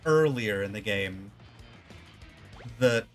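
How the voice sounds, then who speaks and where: A man's voice: fairly low pitch, lively intonation, takes it slowly, faint music behind. A man streaming a video game, giving casual commentary in a chatty, amused way while thinking aloud.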